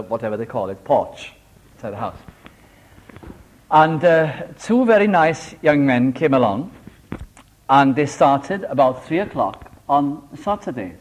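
A Welsh man preaching a sermon, animated and homely, telling a simple story with small jokes. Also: medium pitch. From Wales.

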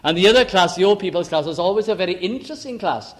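Older man, preacher, sermon, high-pitched, fervent, emphatic then soft asides, miked. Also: expressive, fast talker. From Lancashire, England. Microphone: amplified microphone.

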